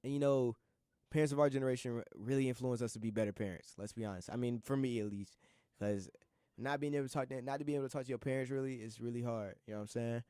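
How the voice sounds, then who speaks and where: A young male college radio host speaks from a studio mic in a smooth, resonant voice. The sound is close and dry, with no room around it. He rambles in a loose, slangy way and circles back over his own phrases. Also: medium pitch, fast, mellow, dry recording. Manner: rambling, repeats himself, slangy and heartfelt. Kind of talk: casual solo monologue.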